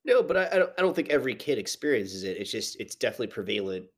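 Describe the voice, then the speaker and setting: A man's voice: medium pitch, big pitch swings, very fast, breathy edge. A young man co-hosting a podcast in casual chat, talking a bit defensively. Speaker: podcast co-host.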